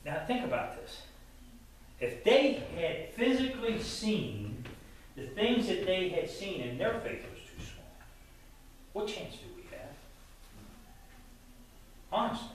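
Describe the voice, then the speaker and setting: A man's voice: high voice, very animated, slow, pauses often, slight background noise. A man preaching a sermon as a pastor, earnest, often repeating words as he stresses a point, in a church sanctuary. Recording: distant mic in a very echoey church hall.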